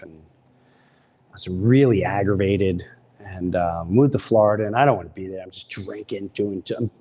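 A man's voice: lowish voice, long reverb tail. A young man, a comedian, telling stories casually and animatedly as a podcast guest. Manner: animated, acts out voices. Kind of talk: casual storytelling.

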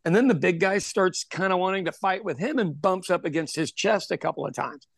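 A man who owns a pub, telling an animated story in casual chat, acting out what people said and swearing freely. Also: high-pitched, a little fast, vocal fry, no echo, clean studio sound. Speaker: podcast host telling a story; pub owner.

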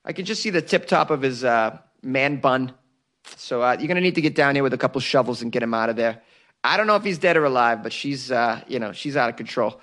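Man putting on a high, rushed Boston-accented daughter, frantic, exasperated, comedy podcast bit. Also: animated, fairly bright tone, lightly acted. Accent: Boston (put on).

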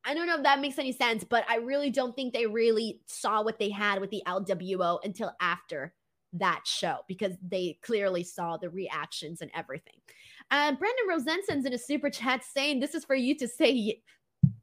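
A woman hosting a casual live-stream wrestling show, talking in an animated way, laughing often and swearing casually. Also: on the high side, moderate pace.

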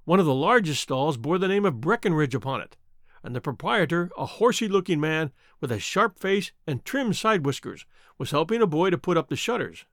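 A man narrating a classic detective story in a measured storytelling manner. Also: on the high side, very animated, a bit bright, no room sound, studio quality. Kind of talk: scripted audiobook narration.

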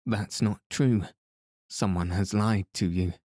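Guy doing a jittery scared suspect, low and dark, dead dry sound, pleading. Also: steady tone, slow, no room sound. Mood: frightened. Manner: nervous, pleading. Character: frightened, stammering young man, a suspect.

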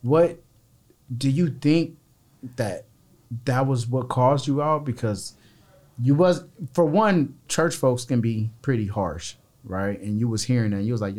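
A man's voice: medium pitch, a little slow, a little mellow. A man hosting a podcast, asking questions in a casual, slang-filled way. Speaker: podcast host. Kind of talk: casual interview chat.

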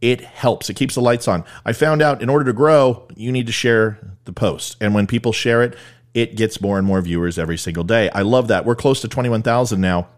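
A man hosting a political commentary talk show, blunt, opinionated and informal. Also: fairly low pitch. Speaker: podcast host.

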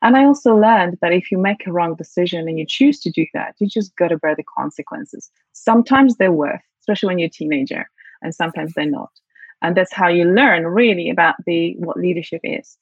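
A woman's voice: on the low side, brisk, slightly rough, dry recording, muffled recording. A woman from Poland with a British accent touched by her Polish mother tongue, a guest speaking reflectively with many fillers. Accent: Polish-tinged British English. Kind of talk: interview conversation.

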